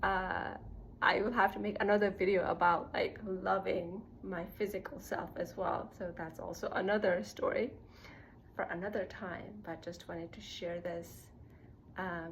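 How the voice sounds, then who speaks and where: A woman's voice: fairly low pitch, a little hiss or hum, low-quality recording. A young woman vlogging a casual personal monologue, rambling with lots of "like" fillers and laughing at herself. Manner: rambling, heavy use of "like" fillers.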